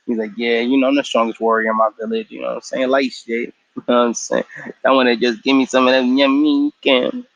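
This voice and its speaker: A man's voice: medium pitch, level tone, a little fast, fairly bright tone, dry recording, muffled recording. Tired man giving a slangy, profane recap. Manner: slangy, profane, acts out characters' lines mid-story. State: tired after a work shift. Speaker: show recap vlogger. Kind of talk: casual episode recap.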